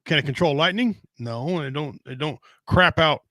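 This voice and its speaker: A man's voice: on the high side, normal speed, pushed and bright, no echo, poor audio. A middle-aged man hosting a casual podcast chat, talking in a blunt, rambling, folksy way with casual swearing. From Native American.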